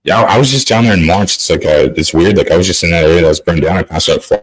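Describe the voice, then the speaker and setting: Fast-talking deep-voiced male host. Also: slightly rough, poor audio. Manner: rushed, filler-heavy. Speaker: podcast host. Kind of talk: casual podcast chat.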